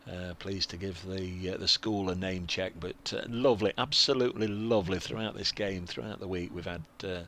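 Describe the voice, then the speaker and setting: A man's voice: deep voice, fairly even intonation, normal speed, hardly any pauses, a bit bright, slight background noise. A man with an English accent giving live, chatty cricket commentary from a commentary box at a ground, reading out messages from viewers and poking fun at himself. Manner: chatty, self-deprecating, reads out viewer messages.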